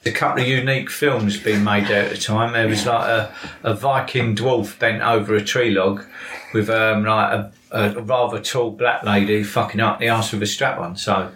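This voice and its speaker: A man's voice: fairly low pitch, fairly even intonation, moderate pace, fairly bright tone, slight background noise. A man telling crude stories casually and laughing at them. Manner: blunt, crude, laughs at his own stories. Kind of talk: casual storytelling. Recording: echoey room with music behind.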